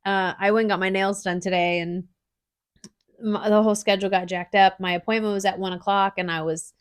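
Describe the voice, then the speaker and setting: A woman's voice: medium pitch, fairly even intonation, brisk, clean tone. A woman co-hosts a casual podcast in a mid-range voice. She talks bluntly and animatedly, tossing in swear words as she pushes her point. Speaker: podcast co-host.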